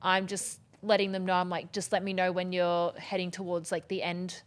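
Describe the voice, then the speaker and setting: A woman co-hosting a casual podcast, chatty and quick to laugh, who acts out the lines of people in her stories. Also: on the low side, completely flat delivery. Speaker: podcast co-host and wedding planner.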